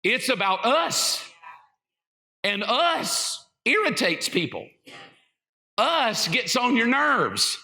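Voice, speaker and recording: A middle-aged man with a Southern US accent, a pastor preaching a sermon full of funny stories, animated and self-mocking. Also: very high-pitched, drawn-out words, long pauses. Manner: animated, self-mocking, acts out voices and sounds. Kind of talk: comedic sermon storytelling. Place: church sanctuary.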